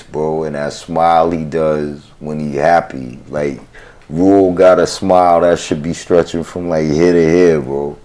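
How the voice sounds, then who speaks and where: A man in a casual chat telling animated, profane stories in heavy slang. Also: low voice. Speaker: guest rapper.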